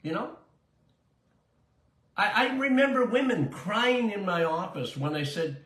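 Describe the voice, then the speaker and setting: A man's voice: very high-pitched, lively intonation, unhurried, fairly bright tone, reverberant. An older man, a doctor answering listener questions in a chatty, emphatic way that drifts into tangents. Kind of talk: casual call-in style Q&A monologue.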